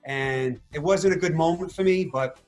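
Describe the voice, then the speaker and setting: In a relaxed interview, a reality show contestant recounts his story at a moderate pace, his voice pitched somewhat higher than most men's. He grows lively, acting out what he said and what went through his head, while soft music plays in the background.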